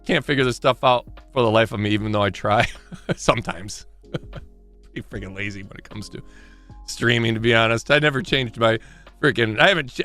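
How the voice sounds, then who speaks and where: Lively, bright-voiced male streamer. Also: medium pitch, fairly quick, faint music behind. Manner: rambling, self-deprecating, excitable, frequent restarts. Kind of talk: casual live-stream chat.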